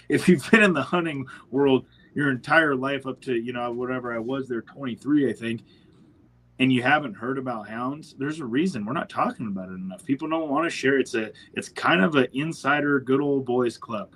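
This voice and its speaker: A young man, a podcast guest, telling animated stories in casual chat and acting out the quotes. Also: medium pitch, normal speed, poor audio. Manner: animated storyteller, acts out quotes.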